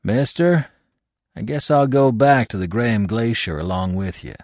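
A man voicing a rough, loyal young mountain guide who talks in a mumbling, folksy drawl. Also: medium pitch, expressive, moderate pace, a little mellow, no echo, clean studio sound, natural voice. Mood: sheepish.

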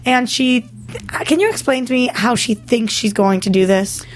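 A woman's voice: a little high, normal speed. A young woman co-hosting a show in bubbly, jokey casual chat. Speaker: co-host.

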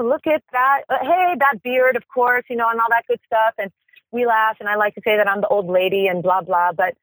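Woman, middle-aged, farmer from San Diego, slow-paced, animated and jokey, dry close sound. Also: mid-range voice, no echo, rough recording. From San Diego, California. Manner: animated, chatty, jokey, fillers like um. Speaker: farmer, podcast guest. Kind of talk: casual interview answers.

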